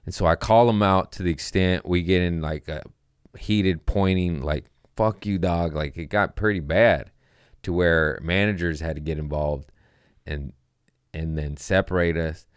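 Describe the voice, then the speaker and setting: A low-pitched male comedian spinning a crude workplace story with loud, animated outbursts and plenty of swearing. The sound is dry and close, with no room echo. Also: a little slow, clear, resonant tone. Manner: profane, animated, laughing storyteller. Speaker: comedian podcast host. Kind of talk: casual storytelling.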